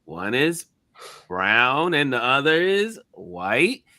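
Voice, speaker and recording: A man hosting a casual talk show, telling stories with animated emphasis. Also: medium pitch, takes it slowly, no room sound. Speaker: podcast host. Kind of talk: casual chat.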